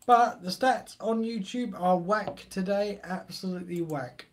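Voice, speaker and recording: A man's voice: sits high, a little slow. A middle-aged man, hosting a live stream and chatting casually while reading the chat aloud.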